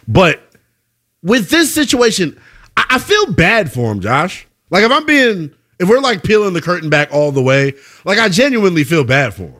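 Bright, animated man ranting about sports. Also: high voice, moderate pace. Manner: animated, emphatic, repeats for effect. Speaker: sports podcast co-host. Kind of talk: casual sports talk.

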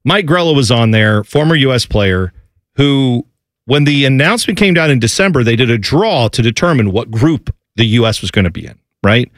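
Animated man chatting about sports. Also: mid-range voice, normal speed, no echo, clean studio sound. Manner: chatty, explanatory, jokey asides. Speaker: sports talk show host. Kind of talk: casual sports talk chat.

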